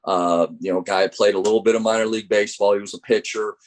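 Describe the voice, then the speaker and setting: Middle-aged American man, low-pitched coach, animated anecdotes with acted-out quotes. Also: quick pace. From United States. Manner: animated storyteller acting out quoted dialogue. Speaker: college baseball assistant coach. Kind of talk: interview storytelling.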